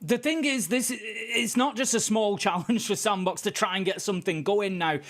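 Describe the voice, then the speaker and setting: A man's voice: high voice, normal speed, a bit bright. A young man analysing an esports match in a chatty way, using lots of fillers. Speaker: esports caster.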